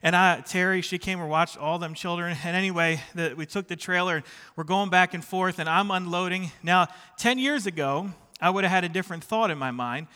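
A man's voice: high-pitched, a little fast, hardly any pauses, sharp tone, clean tone, long reverb tail. A middle-aged man preaching a sermon in a church sanctuary, chatty and self-deprecating, who keeps checking in with the congregation. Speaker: pastor. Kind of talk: sermon with personal stories.

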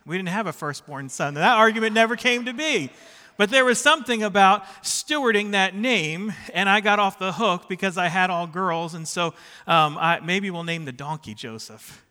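Preaching in a church sanctuary with a big-room sound, a middle-aged pastor speaks at normal speed in a high-pitched voice that is pushed and bright. His sermon weaves in personal stories, and he's chatty and self-deprecating, often checking in with the people listening.

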